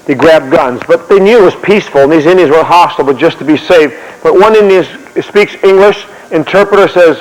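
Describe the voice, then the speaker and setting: A man preaching in a sermon-style history talk, animated, often repeating and restarting words, with a long hall reverb. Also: a little high, moderate pace.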